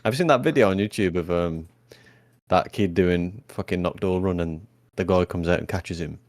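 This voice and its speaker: A man's voice: low voice, normal speed, darkish tone, no echo. A man, co-hosting a podcast, talking in a blunt, sweary way. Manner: blunt, sweary, says "innit". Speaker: podcast co-host. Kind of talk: casual chat.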